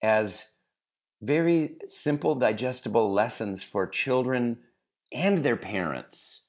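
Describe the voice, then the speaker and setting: A man's voice: medium pitch, lively intonation, slow. A man hosting a podcast interview, enthusiastic and feeling his way through his questions. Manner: enthusiastic, searching for words with fillers. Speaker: podcast host. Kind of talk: interview conversation.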